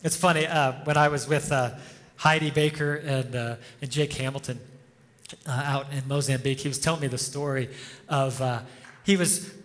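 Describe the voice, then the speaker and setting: A man's voice: mid-range voice, steady tone, normal speed, fairly bright tone. A male pastor preaching an informal, conversational sermon, telling stories and chuckling often. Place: church hall before a congregation. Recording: long reverb of a church hall.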